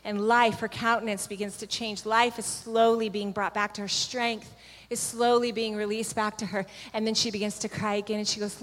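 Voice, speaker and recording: A woman's voice: mid-range voice, flat delivery, a little fast. A woman sharing a spiritual testimony with a gathering, telling her story earnestly and vividly. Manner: earnest, vivid storytelling that acts out what each person said. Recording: long hall reverb.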